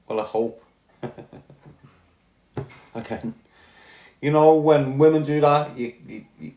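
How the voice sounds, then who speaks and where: A man in his thirties with a Liverpool accent, talking bluntly and swearing as he tells his story on a podcast, going from loud bursts to low mutters. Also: roomy sound. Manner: blunt and profane, swings between loud outbursts and low muttering. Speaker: podcast host. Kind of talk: candid monologue.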